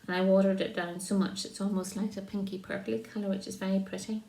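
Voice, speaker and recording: A woman demonstrating a card-making craft, talking slowly while she paints and trailing off softly. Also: mid-range voice, level tone, gravelly. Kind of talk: crafting tutorial. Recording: roomy echo.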